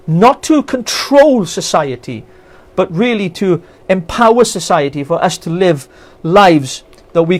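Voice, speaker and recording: A Welsh man, a political campaigner, ranting with passion and indignation on a live stream, firing off rhetorical questions. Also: high voice. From Wales. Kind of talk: impassioned live-stream rant.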